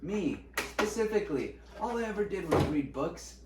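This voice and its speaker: Brief: young male podcast co-host, casual storyteller, swears freely, slightly high voice, roomy echo, mic set back. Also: normal speed. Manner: animated, swearing, laughing while recounting. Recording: echoey room, mic at a distance, faint noise.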